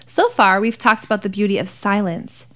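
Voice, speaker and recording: A woman co-hosting a faith podcast, opening the episode and chatting with quick laughs and affirmations. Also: medium pitch, fairly bright tone. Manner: responsive, frequent laughs and affirmations. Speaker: podcast co-host. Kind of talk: podcast intro and casual chat.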